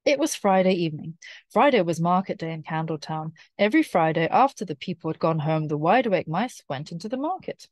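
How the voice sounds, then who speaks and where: A woman reading a children's storybook aloud in a clear, careful way, repeating key phrases slowly. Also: lowish voice, expressive, a little mellow, no room sound, studio quality. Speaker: storybook reader.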